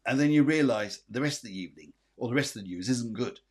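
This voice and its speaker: A man's voice: mid-range voice, expressive, quick pace, darkish tone. A middle-aged man hosting a live-streamed psychic show, reading out viewer comments and giving reassuring readings with many fillers and repeats. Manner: reads viewer comments aloud. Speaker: psychic medium.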